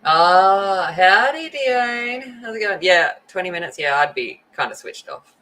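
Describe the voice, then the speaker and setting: A woman's voice: mid-range voice, very animated, unhurried, sharp tone, low-quality recording. A woman hosting a coloring livestream, chatting casually and greeting viewers by name. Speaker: livestream host. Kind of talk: casual chat while coloring.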